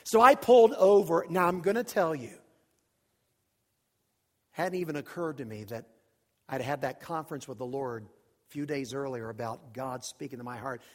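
A man preaching a storytelling sermon, animated and dramatic, swinging from hushed asides to shouts. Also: medium pitch, normal speed, pauses often. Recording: long reverb of a large hall.

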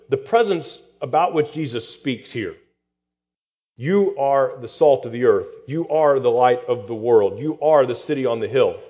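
A man's voice: medium pitch, mellow. Man preaching a sermon, slightly dull sound. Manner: expository preaching with dry humor and rhetorical questions. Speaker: pastor.

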